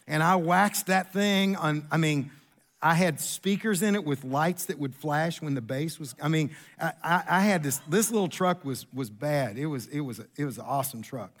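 Folksy high-voiced pastor. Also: male voice, moderate pace, fairly bright tone. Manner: folksy, earnest personal storytelling. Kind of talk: storytelling sermon.

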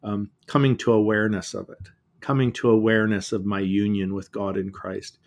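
A middle-aged man, an author and guest in a reflective conversation, speaking earnestly and often halting and repeating words. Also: on the low side, little pitch movement, a little mellow.

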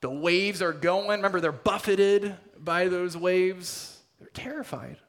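Male pastor, slightly high voice, expressive sermon delivery that swings from emphatic to hushed. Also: unhurried. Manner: dramatic, swings between loud emphasis and hushed near-whispers.

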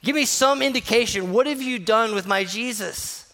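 A frantic, grief-stricken woman pleads for answers, voiced by a man in a sermon retelling. The voice is high and urgent, with a rough, gravelly grain. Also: normal speed, fairly bright tone, poor audio. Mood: pleading. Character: grieving desperate young woman at the tomb.

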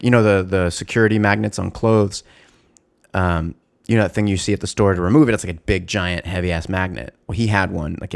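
Profane, animated man telling a story. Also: deep voice, vocal fry. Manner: animated, profane, many fillers and restarts. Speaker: former store security guard. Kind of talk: casual storytelling.

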